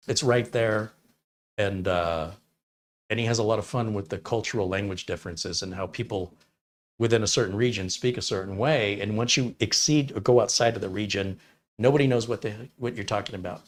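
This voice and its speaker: Brisk and low-voiced, a Michigan computer tech in his fifties responds to livestream viewers in a relaxed chat, sharing wry opinions and sarcastic asides.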